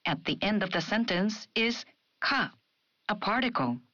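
A woman teaching a language lesson in a clear, measured way, modeling words slowly. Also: medium pitch, expressive, fairly bright tone, no echo. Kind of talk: scripted lesson explanation. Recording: dry, dull studio sound.

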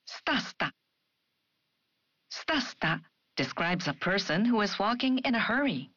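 A woman presents a language lesson in a clear, measured way, her voice sitting at an ordinary pitch. The recording is dry and close, with a slightly dull, muffled tone. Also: big pitch swings, fairly bright tone, dry recording. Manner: clear, measured, explanatory delivery. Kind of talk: scripted educational narration. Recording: muffled studio broadcast audio.

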